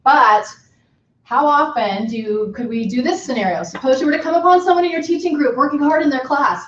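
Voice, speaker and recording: A woman presents to a room of instructors, chatty and informal with plenty of fillers. Her voice sits a little high. It comes from across an echoey room and sounds dull, with faint noise behind. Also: fairly quick, recorded from a distance. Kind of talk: conference talk. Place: conference session room.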